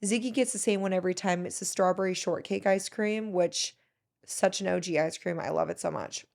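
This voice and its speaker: A woman in her thirties hosts a solo podcast, chatting casually and emotionally as she gushes and tells stories. Her voice is fairly low, gravelly and a little mellow, and she speaks fairly quickly in a chatty, effusive way.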